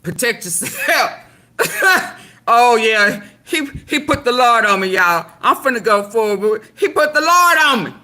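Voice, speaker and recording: A woman's voice: a little high, expressive, a little slow, pushed and bright. A middle-aged woman hosting casual reaction commentary, emphatic and preachy, swearing freely. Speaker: commentary channel host.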